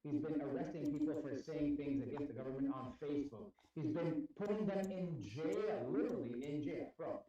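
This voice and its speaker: A man's voice: fairly high pitch, normal speed, hardly any pauses, dark tone. A man ranting heatedly about politics on a live stream, emphatic and profane. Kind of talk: political rant. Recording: distant, echoey, dull room sound.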